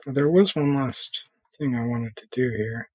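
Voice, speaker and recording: Slow husky man walking through a tutorial. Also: mid-range voice, no echo. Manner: relaxed thinking aloud with fillers while clicking through software. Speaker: software tutorial presenter. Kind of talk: casual screen-recorded coding tutorial.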